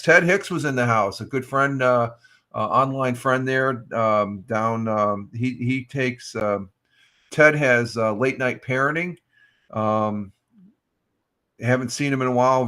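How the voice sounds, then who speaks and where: A man's voice: medium pitch, fairly bright tone. A man hosting a casual morning live stream, thanking viewers by name in a rambling way with many ums and uhs.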